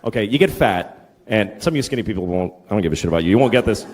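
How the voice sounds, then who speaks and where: A middle-aged man doing a stand-up comedy set, ranting and swearing and acting out shouted characters. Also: fairly low pitch, animated, very fast, slight background noise. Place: large theater with a laughing audience. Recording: live theater recording, hall echo, crowd laughter.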